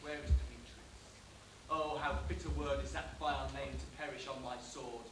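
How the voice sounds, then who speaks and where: A man's voice: medium pitch, steady tone, moderate pace, lightly acted. A young man playing an earnest young lover, declaiming verse on stage. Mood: ardent. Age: young adult. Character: earnest young male lover, courtly and ardent. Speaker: amateur stage actor. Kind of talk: live school stage play. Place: school hall stage. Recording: echoey hall, distant mic, tape hiss.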